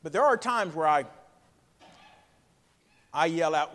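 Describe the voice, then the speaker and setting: A man, a pastor preaching a sermon with emphatic swings between loud and quiet. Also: on the high side, lively intonation, a little slow, pauses often. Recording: long reverb of a hall.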